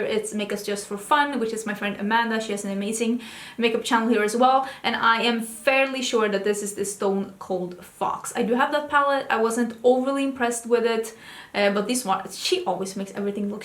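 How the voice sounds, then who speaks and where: Excitable woman vlogger, roomy sound. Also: a little high. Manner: excitable, chatty, full of questions and gasps. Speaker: beauty vlogger. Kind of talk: casual chat, thinking aloud. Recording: roomy echo.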